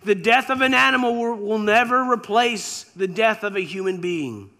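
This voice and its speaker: A man's voice: high voice, moderate pace, gravelly, sharp tone, heavily acted. A man preacher voicing a grieving, tender God as he retells a scripture story in a sermon. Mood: sorrowful, solemn. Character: grieving male God, gentle and sorrowful.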